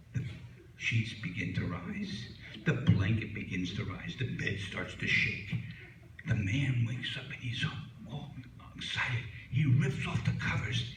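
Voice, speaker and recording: A man's voice: on the low side, big pitch swings, measured pace, a little hiss or hum. An older man doing a stand-up routine, a rambling, folksy joke teller who leans on "you know" fillers. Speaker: stand-up comic. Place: small comedy club stage. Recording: echoey room from far off.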